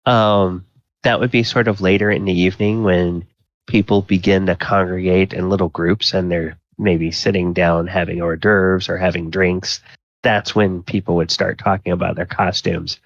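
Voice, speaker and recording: A man running a tabletop game as dungeon master, narrating slowly with many ums and uhs. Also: low voice, steady tone, no echo, lo-fi sound. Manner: slow, filler-heavy descriptive narration.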